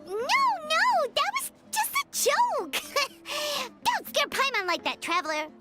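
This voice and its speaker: A woman voicing a tiny, chirpy, excitable girl companion in a video game, speaking about herself in the third person. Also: very high-pitched, takes it slowly, heavily acted. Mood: flustered. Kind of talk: game voice acting. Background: game music.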